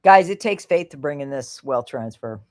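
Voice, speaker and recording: A woman hosting a casual livestream, a little tipsy, rambling, laughing often and swinging from hushed to loud and excited. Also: a bass voice, moderate pace. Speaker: livestream host.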